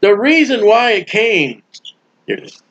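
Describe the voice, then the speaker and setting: A man preaching a sermon in a folksy, animated way, acting out the voices of people he quotes. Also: high-pitched, unhurried, highs cut off. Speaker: street preacher.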